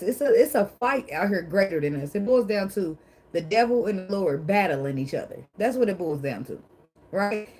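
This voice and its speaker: A woman with a mid-range, somewhat dark voice gives a casual tarot reading over poor audio. She's emphatic and blunt, swearing often, laughing, and drifting into preachy asides about faith, and she calls herself dramatic.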